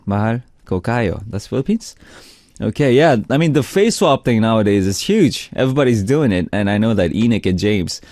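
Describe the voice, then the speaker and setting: A man hosting a music radio show, reading out listener messages in a relaxed, chatty way. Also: fairly low pitch, no echo, clean studio sound. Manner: relaxed, chatty, lots of "like" and "you know". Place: radio studio. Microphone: studio microphone.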